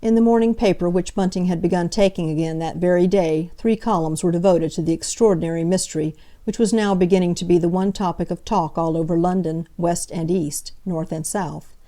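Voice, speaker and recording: A woman reading a classic novel aloud in a measured, even way. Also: fairly low pitch. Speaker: audiobook narrator. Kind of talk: scripted narration.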